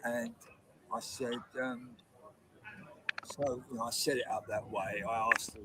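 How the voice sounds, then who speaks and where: An older man rambles through a story in a loose, chatty way, full of restarts. His voice sits mid-range for a man. A steady hiss of noise runs under the video call audio. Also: medium pitch, measured pace. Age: 70s. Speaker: guest comedian. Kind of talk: casual anecdote telling.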